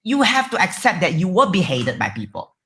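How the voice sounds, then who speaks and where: A Malaysian woman with a Malaysian English accent guests on a podcast, her lowish voice very animated, fairly quick, and fairly bright. She's a streamer who talks candidly, bubbly and outspoken, swearing freely.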